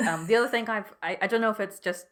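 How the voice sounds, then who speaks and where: A woman's voice: medium pitch, quick pace, fairly bright tone. A young woman co-hosting a podcast in casual chat, hesitant and self-deprecating, often laughing. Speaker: podcast co-host.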